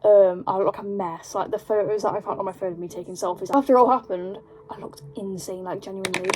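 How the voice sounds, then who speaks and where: A young woman with an English accent telling a rambling, animated story at home while doing her makeup, full of "like". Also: medium pitch, fast, noisy background. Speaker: vlogger. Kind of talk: casual storytime chat.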